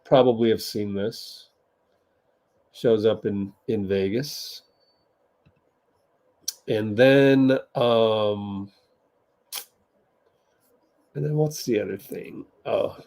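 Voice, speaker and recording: A man's voice: fairly low pitch, very slow, long pauses, a little mellow. A man hosting a casual livestream watch party, chatting with viewers, laughing often and typing as he talks. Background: keyboard typing.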